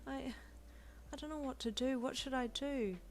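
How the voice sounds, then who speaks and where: A woman voicing a gentle, earnest young male hero in an audio fanfiction, soft and reassuring. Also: high-pitched, moderate pace, a little hiss or hum, pitched above the performer's own voice. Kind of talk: audio fanfiction role-play.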